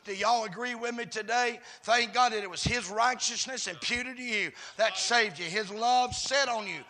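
A man preaching a sermon, swinging from quiet murmurs to shouted, chanted climaxes. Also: extremely high pitch, normal speed.

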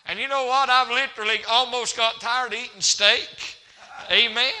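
Male evangelist, very high bright voice, folksy sermon delivery, church hall reverb. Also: steady tone, normal speed. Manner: folksy preaching with humor and rising emphasis. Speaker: evangelist preacher.

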